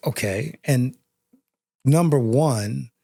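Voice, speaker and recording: A man co-hosting a podcast, talking in a measured, reflective way and unpacking a guest's story. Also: medium pitch, creaky, dark tone, no room sound. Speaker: podcast co-host. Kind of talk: conversational podcast chat.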